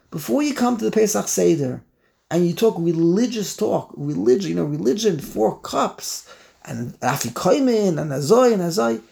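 A man giving an animated Torah class, repeating phrases and mixing in Hebrew and Yiddish words. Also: high-pitched, moderate pace, vocal fry. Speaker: rabbi teaching. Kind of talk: Torah class on the Passover Haggadah.

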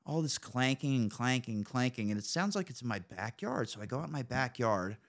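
A man hosting a podcast, telling stories in a casual, animated and profane way. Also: medium pitch, brisk, creaky. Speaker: podcast host. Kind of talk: casual storytelling chat.

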